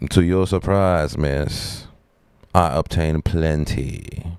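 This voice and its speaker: A man voicing a pompous, posh gentleman in a slow, very low drawl. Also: steady tone, clean tone, no room sound, exaggerated voice. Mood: smug.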